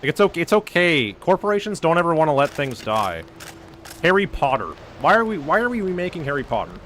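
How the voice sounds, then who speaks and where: A man's voice: on the high side, big pitch swings, quick pace, a bit bright, a little hiss or hum. A man streaming a game, ranting casually and profanely, filling his talk with "like". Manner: profane, ranting, heavy use of "like". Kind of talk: casual gaming stream rant.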